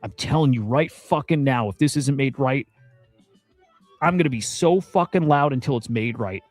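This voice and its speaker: A man's voice: medium pitch, normal speed, no echo, soft background music. A man streaming crypto news commentary. He rants bluntly and swears often, repeats himself, and sounds exasperated. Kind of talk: casual ranting commentary.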